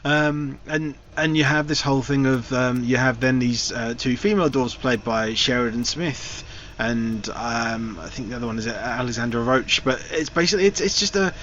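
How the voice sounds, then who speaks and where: A man's voice: medium pitch, moderate pace, fairly bright tone. A man hosting a casual film review show, rambling with fillers and restarts. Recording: dull lo-fi recording, faint hiss.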